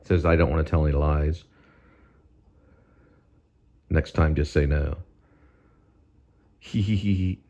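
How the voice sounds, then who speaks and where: Man, very low voice, rambling casual vlog talk, digressive, at home. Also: takes it slowly, pauses often, mellow. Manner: rambling, digressive, gropes for names. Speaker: vlogger host. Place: at home near a TV.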